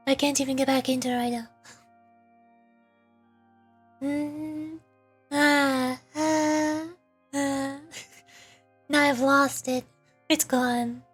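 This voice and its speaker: High-voiced chatty streamer woman. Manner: chatty, self-commenting, laughs often. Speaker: voice-acting streamer. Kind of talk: casual stream chat.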